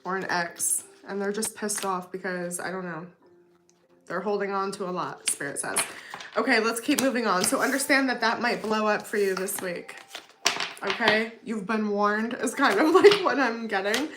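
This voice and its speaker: A woman's voice: mid-range voice, moderate pace, noisy background. A woman giving a casual tarot reading to her viewers, chatty, often adding "okay?" and "you know what I mean?". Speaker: tarot reader.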